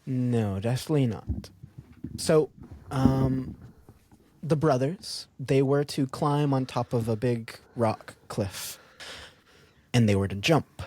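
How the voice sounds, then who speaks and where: A man's voice: mid-range voice, takes it slowly, long pauses, a little hiss or hum. A man co-hosting a podcast, telling a castle's history in casual chat, with fillers and frequent laughter. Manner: animated, laughs often, fillers like um.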